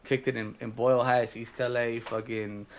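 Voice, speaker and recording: A man's voice: mid-range voice, little pitch movement, moderate pace, lo-fi sound. A young man from Los Angeles with a South Central twang, chatting casually and profanely on a podcast, full of fillers and restarts. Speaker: podcast co-host. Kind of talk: casual chat.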